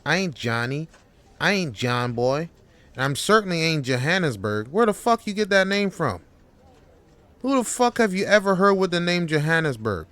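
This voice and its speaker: A man's voice: medium pitch, animated, moderate pace, pitched above the performer's own voice, close to an everyday voice. A man voicing a worn-out office clerk who pleads with his boss and then snaps back defiantly. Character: overworked male office clerk pushed to anger.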